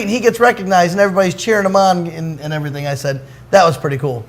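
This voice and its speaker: A middle-aged man with a high voice hosts a relaxed talk show. He rambles through long stories, chuckling as he goes. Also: very fast. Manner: rambling storyteller, chuckles between lines. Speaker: show host. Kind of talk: casual chat.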